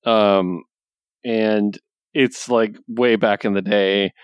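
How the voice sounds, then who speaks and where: A man co-hosting a comic book podcast, recapping issues in a relaxed, chatty way and laughing as he retells scenes. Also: on the low side, slow, smooth, dry recording, highs cut off. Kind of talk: casual chat.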